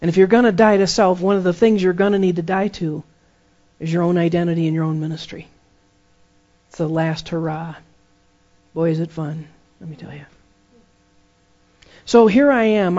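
A man's voice: high voice, steady tone, moderate pace, pauses often, darkish tone. Emphatic male preacher, lo-fi sound. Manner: emphatic, repeats phrases for effect. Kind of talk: sermon. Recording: dull lo-fi sermon recording.

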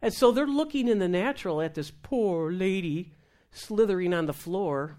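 A woman minister telling a lively testimony in conversation, acting out the voices of the people in her story and laughing as she goes. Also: fairly low pitch, normal speed. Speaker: Christian minister. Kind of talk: testimony talk show conversation.

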